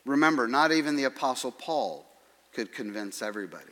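A man preaching a sermon as pastor, earnest and measured, with dry humorous asides. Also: mid-range voice, animated, pushed and bright, in a large hall.

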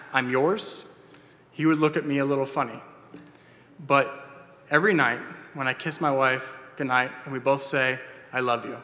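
A pastor preaches to his church in the sanctuary, earnest and plain-spoken, with "uh"s and restarts. His medium-pitched voice sounds pushed and bright, carried by a long hall reverb.

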